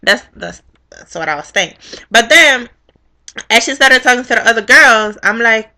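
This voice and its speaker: A young woman casually recapping a reality show, blunt and profane, with animated storytelling. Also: fairly high pitch, moderate pace.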